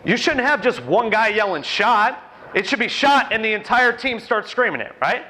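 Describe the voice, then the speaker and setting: Bright, high-voiced man coaching basketball. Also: animated. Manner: brisk, commanding, calls out quick drill instructions. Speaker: basketball coach running a clinic. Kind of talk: on-court coaching demonstration. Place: indoor gym.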